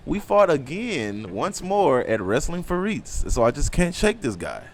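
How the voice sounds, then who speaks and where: A man's voice: fairly high pitch, very animated, a little slow, slight background noise. A man, a guest wrestler, talking in an easygoing way in casual chat.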